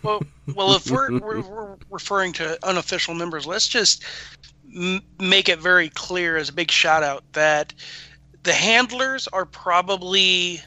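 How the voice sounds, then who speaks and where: A man's voice: sits high, a little slow, bright, forceful tone, rough recording. A man chatting on a podcast panel, earnest and stumbling, repeating words as he restarts. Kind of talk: casual podcast chat.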